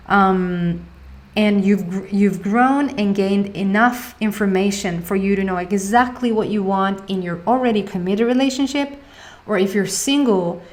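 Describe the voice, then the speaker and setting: A woman with a Swedish accent giving a casual tarot reading, chatty, laughing often and searching for words. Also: mid-range voice. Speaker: tarot reader.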